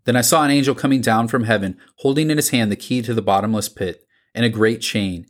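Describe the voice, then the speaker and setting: A man reading scripture aloud in a measured, deliberate way, pausing between the items of each list. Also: medium pitch. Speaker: scripture reader.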